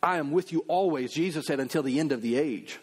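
A middle-aged man, a pastor preaching a sermon in a conversational, animated way, slipping into quick acted asides. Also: on the high side, slightly rough.

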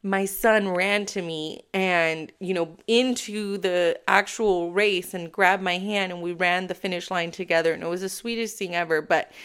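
A woman giving a casual motivational talk, animated and emphatic, acting out her own inner thoughts in a self-assured way. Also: medium pitch, smooth. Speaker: motivational vlogger.

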